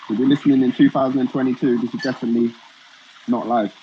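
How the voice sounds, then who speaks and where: A man's voice: mid-range voice, little pitch movement, quick pace, slight background noise. A young man, bantering casually on a live stream, slangy and repetitive with sing-song asides. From Britain. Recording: dull lo-fi stream audio.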